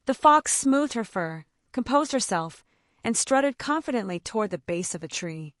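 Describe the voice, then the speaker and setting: A woman storyteller narrating a children's fable with a scripted, gently dramatic reading. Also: on the high side, expressive, moderate pace, dry recording, studio quality.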